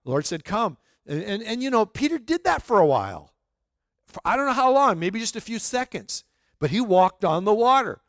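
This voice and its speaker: A man's voice: sits high, very animated, normal speed, a bit bright, no room sound, clean studio sound. A man pastor preaching a sermon in a conversational way, asking his listeners rhetorical questions and restarting his sentences often.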